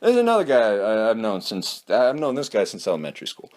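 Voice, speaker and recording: A man's voice: on the low side, huge pitch swings, brisk, darkish tone. A young man giving casual, heated commentary in a sarcastic, ranting manner. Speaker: vlogger.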